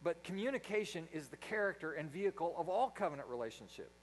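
A man preaching a sermon in a church, a dynamic speaker who swings from loud emphasis to quiet asides. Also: fairly high pitch, animated, fast, rough recording. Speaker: pastor. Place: church sanctuary.

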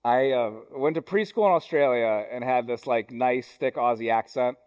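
A young adult man preaching a sermon in a church, conversational, with self-deprecating asides, moving between quick runs and slow, deliberate lines. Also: mid-range voice, a little mellow, clear, resonant tone, dull audio. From Ohio, US. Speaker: pastor.

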